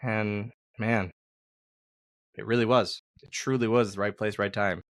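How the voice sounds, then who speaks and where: A man's voice: fairly low pitch, fairly even intonation, a little slow, fairly bright tone, no echo, studio quality. A man, a former wrestler hosting a podcast, telling a story in rambling casual chat, repeating words and swearing casually.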